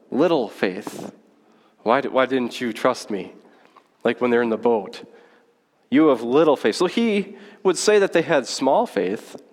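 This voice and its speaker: A pastor preaching a sermon, teaching through a Bible passage in a conversational way and checking in with the listeners. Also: male voice, a little high. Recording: long hall reverb.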